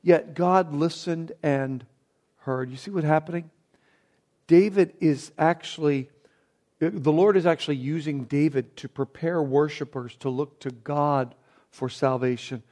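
A man preaching a Bible sermon, dropping to a hushed, reverent tone and then rising into emphatic, repeated phrases. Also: a little high, measured pace. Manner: swings between hushed reverent passages and raised emphatic bursts; repeats words when building a point. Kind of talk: expository sermon.

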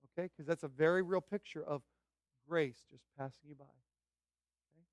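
A man preaching a sermon as pastor, fervent and emphatic, building to loud repeated declarations. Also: on the high side, moderate pace, clear, resonant tone, no room sound, clean studio sound.

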